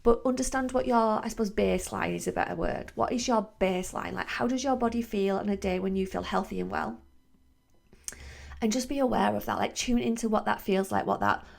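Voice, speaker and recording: A woman's voice: mid-range voice, animated, brisk, gravelly. A woman, hosting a wellbeing podcast in a chatty, reflective way full of fillers and restarts. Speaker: podcast host, wellbeing coach. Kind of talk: casual reflective monologue.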